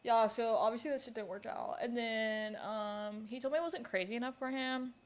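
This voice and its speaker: Young woman podcast host, a little high, blunt, swearing, laughing. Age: 20s. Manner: blunt, profane, laughing, quick asides. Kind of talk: casual storytelling chat.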